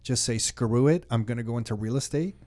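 A man's voice: mid-range voice, a little fast, darkish tone, dry recording. A man co-hosting a podcast in a loose, rambling way, full of ums and restarts. His voice sits mid-range and sounds dry and close, with no room around it. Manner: chatty, rambling with fillers and restarts. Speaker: podcast co-host. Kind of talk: casual podcast chat.

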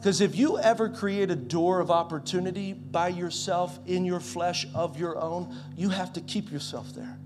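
A pastor in his forties preaching a sermon in a conversational way, swinging from loud to soft. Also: high-pitched, moderate pace, hardly any pauses, music in the background. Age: 40s.

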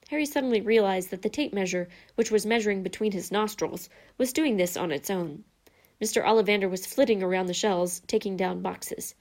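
A woman narrating a storybook in a calm, even reading voice. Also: medium pitch, fairly quick.

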